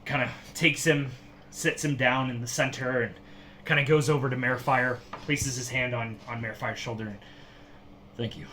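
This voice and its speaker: A man running a tabletop game as game master. He narrates scenes slowly and vividly, with a middle pitch. A faint noise sits behind his voice. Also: fairly even intonation, bright, forceful tone. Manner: slow, vivid descriptive narration.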